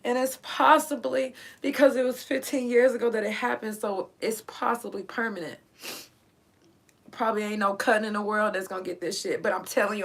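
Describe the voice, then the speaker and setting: A woman's voice: medium pitch, gravelly, slightly rough. Woman telling a painful story bluntly. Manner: blunt, profane, emotional, in pain. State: in pain, near tears. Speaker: podcast host. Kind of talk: personal story, casual monologue.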